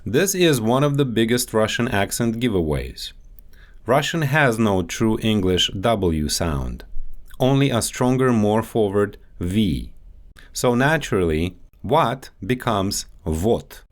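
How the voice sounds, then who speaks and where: A male dialect coach teaches in an unhurried, measured way, and his fairly low voice rises and falls a lot. He explains each point deliberately, like a patient instructor. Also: very animated.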